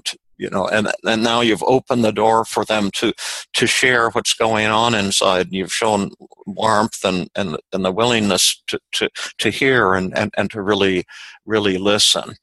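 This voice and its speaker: A man's voice: on the low side, steady tone, a little slow, sharp tone, dry recording, poor audio. A man hosting a podcast and teaching communication, thinking aloud and often repeating words as he explains with everyday examples. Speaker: podcast host and therapist trainer.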